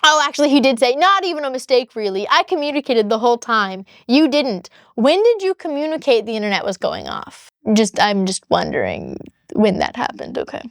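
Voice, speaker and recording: Woman, high voice, close and dry; exasperated vlogger reading out an argument by text. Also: sing-song, fairly quick, creaky, dry recording. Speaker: vlogger telling her divorce story. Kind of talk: casual storytelling vlog.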